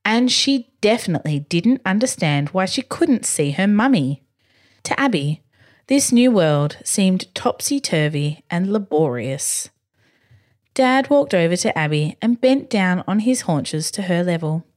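A woman reading a bedtime story slowly and expressively. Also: on the low side. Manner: slow, expressive, gently animated. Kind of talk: scripted bedtime story narration.

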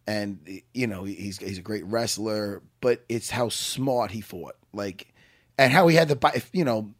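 A man's voice: lowish voice, unhurried. Rambling man talking fights. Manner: rambling, heavy use of "you know". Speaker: fight coach and podcast co-host. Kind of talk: casual sports chat.

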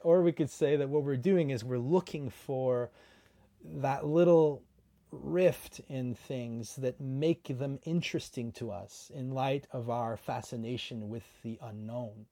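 Mellow-voiced thoughtful male co-host. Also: mid-range voice, measured pace, few pauses. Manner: thoughtful, restarts phrases, hedging. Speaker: podcast co-host. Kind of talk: casual intellectual conversation.

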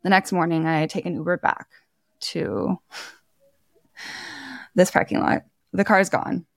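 A woman co-hosting a podcast, telling a story in a lively, laughing way and acting out the people she quotes. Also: on the low side, measured pace, creaky, no echo, clean studio sound. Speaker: podcast co-host. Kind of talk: casual storytelling chat.

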